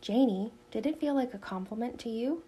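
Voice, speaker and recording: A woman voicing a patient mother who corrects her children calmly in a storybook reading. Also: on the high side, brisk, a little hiss or hum, natural voice. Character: patient, gently firm mother.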